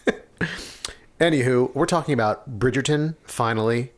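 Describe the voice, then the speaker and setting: A man co-hosting a podcast in casual chat, joking and teasing, quick to laugh. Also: medium pitch. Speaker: podcast co-host.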